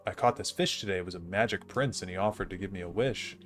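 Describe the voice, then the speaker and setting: A man's voice: sits low, fast talker, faint music behind, close to an everyday voice. A man voicing a poor fisherman, polite and mild-mannered. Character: meek kindly poor fisherman.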